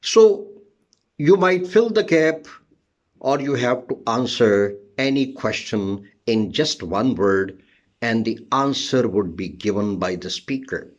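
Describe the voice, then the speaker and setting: A man's voice: mid-range voice, expressive, slow, dull audio. A man teaching an English listening test lesson, explaining step by step, spelling words out letter by letter and repeating key terms.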